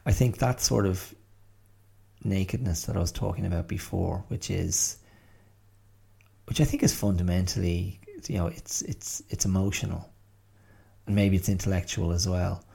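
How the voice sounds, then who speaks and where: A middle-aged man talks through his thoughts alone on a podcast, circling back and restarting as he goes. His voice sits low and dark with a gravelly, husky edge. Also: fairly even intonation, normal speed. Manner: thoughtful, hesitant, many restarts and fillers. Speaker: podcast host. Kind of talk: reflective solo monologue.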